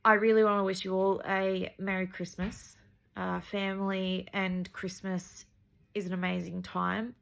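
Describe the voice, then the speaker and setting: An Australian woman talking earnestly in a personal video diary, halting and repeating herself as she goes. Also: mid-range voice, flat delivery, gravelly, fairly bright tone. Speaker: vlogger sharing her medical journey.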